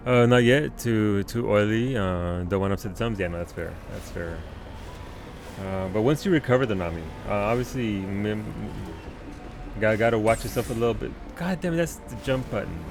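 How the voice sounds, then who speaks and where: A man streaming a video game live, commenting on the action and replying to chat in an excitable way, swearing and laughing often. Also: lowish voice, normal speed, music in the background.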